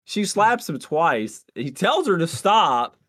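A man's voice: fairly high pitch, big pitch swings, slow pace, fairly bright tone, husky, no echo. A man co-hosting a casual movie podcast, chiming in with laid-back, dry remarks. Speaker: podcast co-host.

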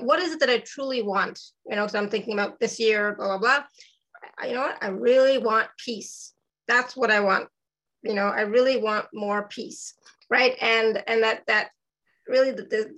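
A slightly hoarse woman hosts an easygoing spiritual conversation. Her voice sits a bit high and sounds bright and forward, and her speech is full of "you know"s and good-humored asides. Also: moderate pace, low-quality recording. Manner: enthusiastic, self-deprecating, many fillers. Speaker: host. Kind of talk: casual spiritual talk.

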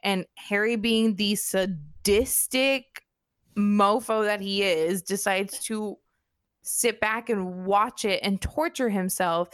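A woman's voice: medium pitch, takes it slowly, no room sound, clean studio sound. A young woman co-hosting a podcast, talking in an emotional, emphatic, rambling way. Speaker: podcast co-host. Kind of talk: casual chat.

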